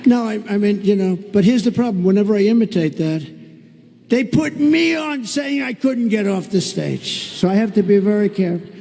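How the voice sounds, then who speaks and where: A man's voice: high-pitched, lively intonation, normal speed, mellow. A man giving a rally speech in a blunt, repetitive, sarcastic manner. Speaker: political candidate at a rally. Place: large rally venue. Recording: long reverb of a large hall.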